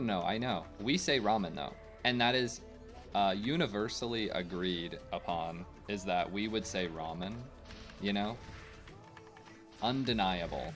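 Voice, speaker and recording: A young man streaming a game, chatting casually to his viewers, rambling and opinionated with lots of fillers. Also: on the low side. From United States. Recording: faint game music behind.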